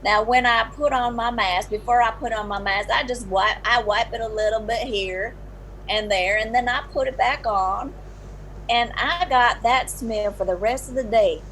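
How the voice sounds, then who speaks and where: Crude giddy morning co-host, played by a woman, drawling and giggly, slightly high, faint hum behind. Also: normal speed, a bit bright, natural voice.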